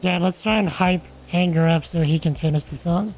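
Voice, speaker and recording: A woman streaming a game, chatting casually and teasing her viewers and a friend. Her voice sits a little low for a woman. Faint music plays behind her desk mic. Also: normal speed, darkish tone, rough recording. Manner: playful, chatty, addresses chat directly. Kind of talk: casual live-stream chat.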